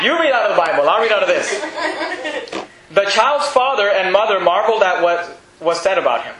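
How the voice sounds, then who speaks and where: A man's voice: high-pitched, lively intonation, brisk, crowd noise. A male pastor preaching an emphatic, mocking sermon, quizzing his congregation. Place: church hall with congregation. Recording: echoey church hall.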